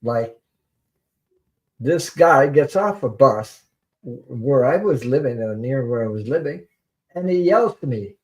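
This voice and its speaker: Male tarot reader on a live stream, earnest and rambling, mid-pitched voice, casual storytelling. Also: animated, unhurried, a little mellow. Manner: earnest, rambling, repeats words for emphasis.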